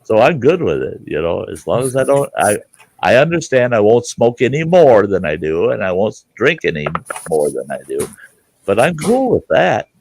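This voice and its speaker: Lively, rambling male livestream host. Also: fairly low pitch, normal speed, vocal fry, a little hiss or hum. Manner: rambling, profane, lively storyteller. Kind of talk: casual chat and storytelling.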